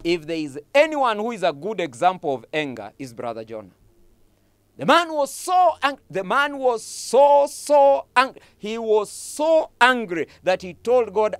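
A Kenyan English-accented man preaches with emphatic, repetitive phrasing. His pitch rises and falls dramatically, and the recording is dry, with little room sound. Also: very animated, measured pace, clean tone, dry recording. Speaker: pastor. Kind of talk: sermon.

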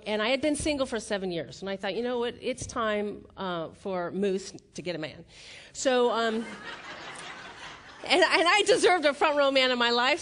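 Brief: woman keynote speaker, middle-aged, higher voice, lively storyteller playing to a live crowd. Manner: animated storytelling, acts out quotes, laughs at own jokes. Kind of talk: live keynote speech with stories. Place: stage before a live audience.

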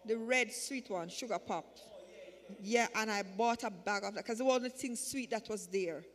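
A woman gives her testimony as a church member at a service, speaking at a normal speed with a medium-pitched voice. Her delivery is repetitive and emphatic and builds in fervor, echoing as if in a large hall, the church sanctuary.

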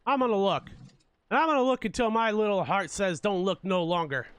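A man's voice: high-pitched, fairly quick, fairly bright tone, slight background noise. A man commentating a horror game as he plays, jumpy and swearing a lot, joking through his fear. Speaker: let's play gamer.

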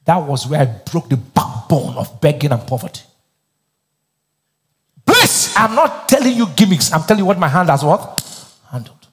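A man's voice: fairly high pitch, long reverb tail. A Nigerian man preaching a sermon as pastor, asking the crowd to finish his lines in call-and-response. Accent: Nigerian English.

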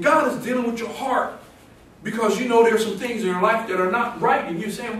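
A high-pitched male preacher delivering a sermon, his voice climbing to emphatic bursts as he quotes scripture. He is heard from a distance in a very echoey church sanctuary. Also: fairly even intonation, fairly quick, fairly bright tone. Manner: rising to emphatic exclamations, quoting scripture, call-and-response. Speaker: pastor.

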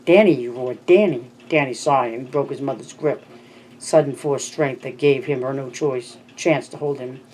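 Amateur audiobook narrator, middling pitch, frequent slips and restarts, faint noise. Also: fairly even intonation, moderate pace, darkish tone, poor audio.

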